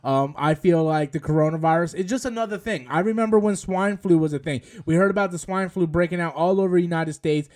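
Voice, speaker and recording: Host, man in his 30s, slightly high voice, chatty and rambling. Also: fast talker, few pauses, a little mellow. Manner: chatty, rambling, reads viewer messages. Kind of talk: casual live-stream review chat.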